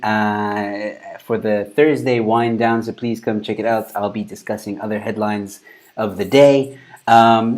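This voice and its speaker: A man's voice: lowish voice, a little mellow. Laughing, rambling male show host. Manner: laughs often, loose and rambling. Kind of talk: casual news commentary.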